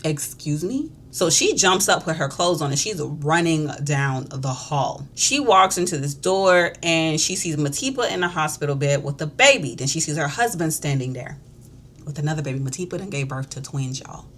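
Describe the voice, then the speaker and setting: A woman's voice: sits low, normal speed, a bit bright. A woman chatting casually and gossipily while doing her makeup, in slang, acting out the characters' quoted lines. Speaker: beauty vlogger. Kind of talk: casual chat recapping a show.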